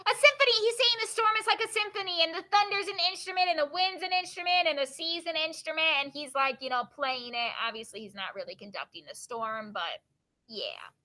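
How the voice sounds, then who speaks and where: A woman's voice: extremely high pitch, brisk, bright, forceful tone. A woman teacher reading a book of poems aloud to her class, stopping to ask students questions and explain.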